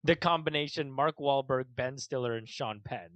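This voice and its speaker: A medium-pitched, slightly bright voice at normal speed comes from a man in his 20s with no room sound. He co-hosts a laid-back podcast, laughing plenty, teasing his friend, and guiding the conversation back to the news.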